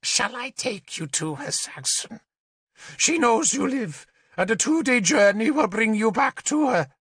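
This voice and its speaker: A man's voice: extremely high pitch, sing-song, measured pace, a bit bright, husky, no echo, clean studio sound, voice pushed up, full character voice. A man voicing a wicked, cackling old druid in an audiobook, with a gloating, crooning menace. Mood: coaxing menace. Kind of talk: audiobook character voice.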